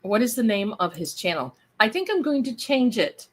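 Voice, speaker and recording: A woman's voice: fairly high pitch, very animated, moderate pace. A woman hosting a casual livestream, chatting and rambling to her viewers. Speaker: live-stream host.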